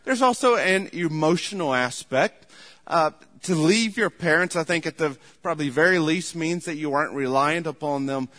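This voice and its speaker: Bright-voiced male preacher in a hall. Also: a little high, moderate pace. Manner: conversational, animated storytelling with acted quotes. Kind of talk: sermon on marriage. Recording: large hall with long reverb.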